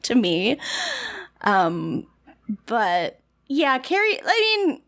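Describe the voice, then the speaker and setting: A young woman co-hosting a podcast, with a fairly high voice that rises and falls a lot. She recaps an episode in casual, blunt chat, laughing often. She grew up in Canada. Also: wildly swooping pitch, extremely slow, fairly bright tone. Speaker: podcast co-host.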